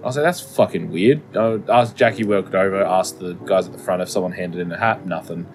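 A man's voice: deep voice, fairly even intonation, quick pace, slight background noise. A man, co-hosting a podcast and telling a story in casual chat, full of swearing and laughter. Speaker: podcast co-host.

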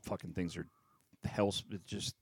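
A man's voice: low voice, steady tone, a little slow, vocal fry, husky, no echo. A man co-hosting a casual podcast chat, joking crudely and ranting about things he hates.

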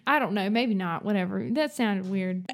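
Expressive and mid-range in pitch, a twenty-something podcast co-host talks books in a relaxed, meandering way, chatting freely and laughing often.

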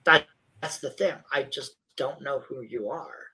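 A man co-hosting a casual live-stream chat, reading things out in a deadpan, unimpressed way. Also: mid-range voice, unhurried, breathy edge, poor audio. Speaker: co-host.

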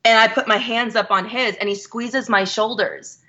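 A woman in her thirties telling a story in a casual chat, animated and quoting people as she goes. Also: on the high side, normal speed, highs cut off. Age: 30s. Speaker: guest.

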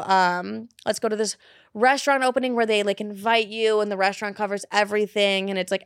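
A young woman hosts a podcast and tells story times in an excited, rambling rush, swearing freely and leaning on "like." Her voice sits at an ordinary pitch for a woman. The recording is close and dry, with no room sound. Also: clean tone, dry recording. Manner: excited, rambling and profane, full of "like". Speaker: podcast host. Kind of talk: casual story time. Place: New York.

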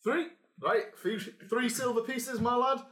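A man's voice: very high-pitched, steady tone, unhurried, a bit bright, roomy sound, a little hiss or hum, pitched above the performer's own voice. A man voicing a blunt, jovial male halfling barkeep with a Northern English accent, dropping words and calling people lad. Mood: gruff.

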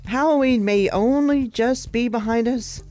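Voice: medium pitch, a little slow, darkish tone, soft background music. A radio co-host reading entertainment news headlines in an easy, chatty way, laughing along with a partner. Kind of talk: casual entertainment news read.

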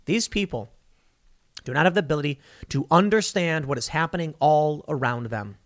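A male commentator with a fairly high-pitched voice, talking straight to his audience in a blunt, sarcastic monologue. He sounds scornful and unfiltered, firing off opinions without hedging. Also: normal speed. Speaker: political commentator.

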